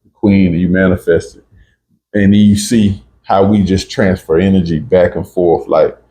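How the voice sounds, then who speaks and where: A man's voice: sits low, fairly even intonation, normal speed, dark tone, reverberant. A man hosting a casual spiritual talk, emphatic and often checking in with "right?" and "you see?". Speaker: podcast host.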